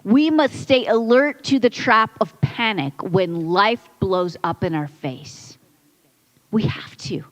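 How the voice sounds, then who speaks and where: A woman's voice: mid-range voice, slow, poor audio. A woman pastor preaching a conversational sermon in a church, building points through repetition and quoted asides. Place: church sanctuary.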